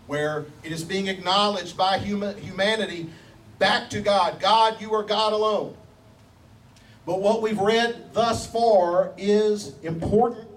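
A man delivers a sermon in a high voice, taking his time and pressing hard on repeated phrases. He slows further to stress each quoted verse. The mic sits well away from him, with faint noise underneath. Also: echoey room, recorded from a distance, low-quality recording. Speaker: preacher.

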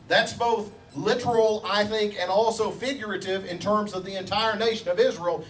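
A man preaching a sermon, emphatic and repetitive, slowing down to stress each scripture quote. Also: sits high, reverberant. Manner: emphatic, repeats key phrases, slows down to stress scripture quotes. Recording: distant mic with faint background noise.

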